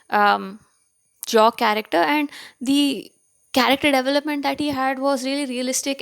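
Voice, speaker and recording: Indian-accented woman vlogger, a touch high, chatty and opinionated, lots of fillers. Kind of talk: casual video commentary.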